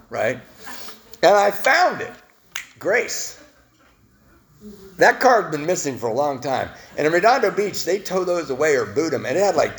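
Male speaker at a recovery meeting, gravelly voice, lively wide-ranging delivery, self-deprecating humor. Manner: self-mocking storyteller, laughing at his own past; swings between loud animated bits and low quiet confession. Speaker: speaker sharing his recovery story. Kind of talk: personal testimony at a recovery meeting.

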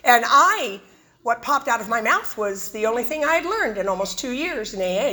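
A woman's voice: on the high side, sing-song, normal speed, sharp tone. A woman speaking at a recovery meeting, telling her personal story with humor and animation. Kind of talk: personal testimony talk.

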